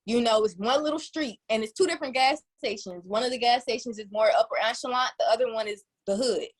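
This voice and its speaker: A woman from Detroit, a podcast co-host, telling a story in casual chat and swooping up high when she quotes herself. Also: fast.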